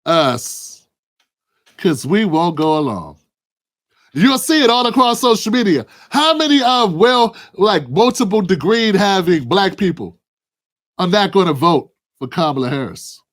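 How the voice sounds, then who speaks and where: A man with a notably high-pitched voice delivers fiery political commentary. He preaches more than he chats, stacking rhetorical questions and calling out to a co-host by name. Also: big pitch swings, unhurried, fairly bright tone.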